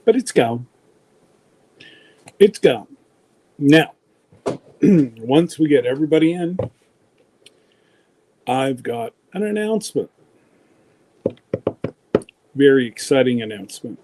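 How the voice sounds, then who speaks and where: A man hosts a relaxed livestream chat, unhurried and folksy. His voice sits in a middle register. He greets viewers by name with easy chuckles. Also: medium pitch, a little hiss or hum. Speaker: livestream host.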